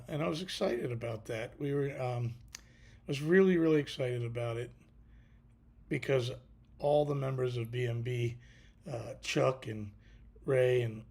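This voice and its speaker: A tired man hosting a casual livestream, talking haltingly with many fillers and restarts. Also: medium pitch, a little mellow. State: tired, yawning. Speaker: podcast host.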